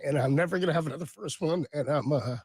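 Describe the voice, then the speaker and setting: Halting, choked-up male radio co-host. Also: fairly high pitch, a little mellow, breathy edge, no echo.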